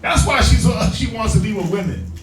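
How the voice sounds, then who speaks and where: A man teaching from the Bible in an emphatic, slangy street style, prodding his reader with quick call-and-response. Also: high voice, animated. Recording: echoey room, distant mic, faint music.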